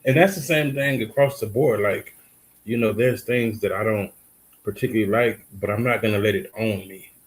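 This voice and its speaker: A man's voice: lowish voice, moderate pace, poor audio. A man with a Cajun accent talking on a podcast in a laid-back, easygoing way, often restarting his sentences. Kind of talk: casual chat.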